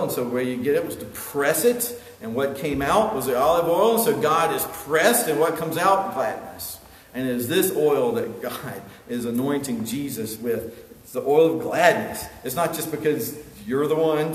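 A man's voice: medium pitch, slight background noise. Earnest male preacher in echoey hall. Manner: earnest, builds to emphatic peaks then drops quiet. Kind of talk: sermon. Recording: echoey hall with long reverb, faint ambience.

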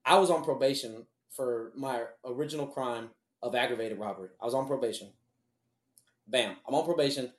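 A man from Houston, Texas tells a long personal story in an echoey room, blunt, profane and rambling. His voice is medium-pitched and brisk.

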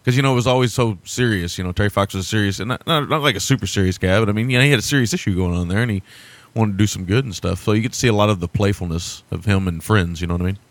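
Casting: man, lowish voice, loose profane movie-podcast host, dry close sound. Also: racing, dry recording. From America. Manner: rambling, profane, laughs often. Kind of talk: casual movie chat.

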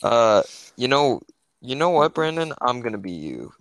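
A man's voice: medium pitch, big pitch swings, moderate pace, dry recording. A young man, a student, co-hosting a podcast in laid-back joking chat. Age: young adult. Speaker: podcast co-host. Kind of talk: casual chat.

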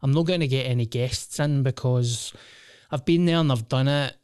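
Sweary Glaswegian man, smooth dry voice. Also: mid-range voice, normal speed, darkish tone, no echo. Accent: Scottish, Glasgow. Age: 30s. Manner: rambling, sweary, jokey. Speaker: podcast host. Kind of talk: casual solo podcast monologue.

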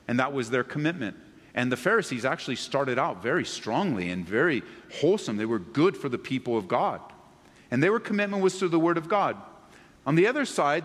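A man's voice: medium pitch, a bit bright, in a large hall. A man preaching a sermon as pastor, emphatic, repeating key phrases and asking the congregation rhetorical questions. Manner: addresses the congregation directly.

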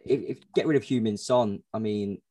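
Male co-host, lower pitch, casual supportive asides. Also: normal speed, warm tone, no room sound. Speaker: podcast co-host. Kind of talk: casual chat.

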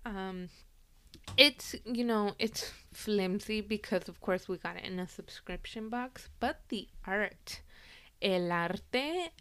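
A young adult woman hosting a casual podcast, reading tarot cards and talking about her life in a relaxed, personal way, slipping between English and Spanish. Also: mid-range voice, takes it slowly, clear, resonant tone. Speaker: podcast host.

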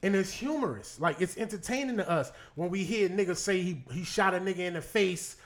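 A man's voice: sits high, lively intonation, fairly quick. A man in casual podcast chat, arguing his point with profanity and rhetorical questions.

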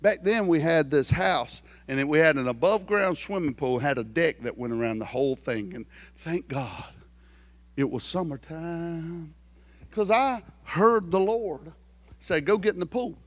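A man preaching a sermon through folksy, joking stories, animated and lively. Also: fairly high pitch, a little slow, no room sound. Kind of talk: storytelling sermon.

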